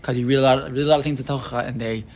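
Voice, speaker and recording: A man's voice: medium pitch, steady tone, rapid-fire. Casual, hesitant male teacher. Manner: conversational, hesitant, many fillers and restarts; asks students questions. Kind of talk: informal religious text class.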